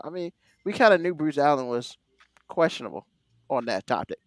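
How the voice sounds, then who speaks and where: A man's voice: on the high side, very animated, a little fast, no room sound, studio quality. A man co-hosting a casual sports podcast, ranting animatedly and swearing freely. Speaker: podcast co-host.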